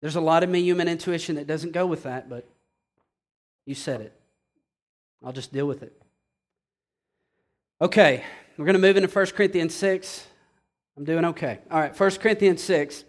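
Man preaching, high voice, fiery, drops to a hush then builds back up. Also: moderate pace, pauses often. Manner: impassioned, swings from hushed to loud. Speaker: pastor. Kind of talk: sermon.

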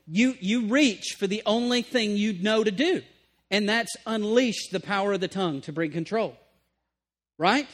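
A man preaching a sermon, moving between emphatic bursts and hushed asides, often checking in with the room. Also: high-pitched. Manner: conversational, checks in with listeners. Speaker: pastor.

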